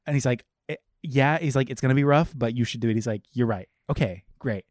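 A young man co-hosting a casual podcast, talking in an animated, swearing rush and acting out lines from a film. His voice sits at a middling pitch. The sound is dry and close. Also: fast talker, no room sound. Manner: animated, swearing, acts out quotes. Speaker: podcast co-host. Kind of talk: casual chat.

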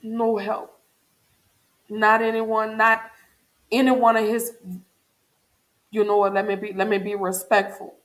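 A woman's voice: medium pitch, flat delivery, measured pace, pauses often. A grieving woman talks openly and earnestly to her viewers in an emotional personal check-in, repeating phrases for emphasis. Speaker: vlogger.

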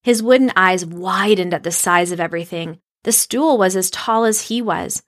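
A woman narrating a children's storybook aloud in an expressive storytelling manner. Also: on the low side, moderate pace, no echo, clean studio sound.

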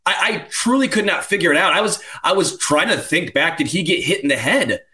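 A man's voice: fairly high pitch, lively intonation, brisk, sharp tone. A man co-hosting a sports podcast, puzzling aloud and asking questions. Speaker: podcast co-host. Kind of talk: casual sports podcast chat.

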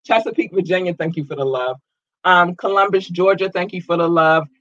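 Upbeat male podcast host, animated, slightly high voice, dry close sound. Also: a little fast, no echo, dull audio. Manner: upbeat, animated, stumbles over place names. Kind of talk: casual shout-outs to listeners.

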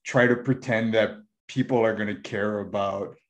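Male podcast co-host, lowish voice, hedging casual talk, keeps the conversation on track. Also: steady tone, moderate pace. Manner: thoughtful, hedging with "like", steers topic back. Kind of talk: casual chat.

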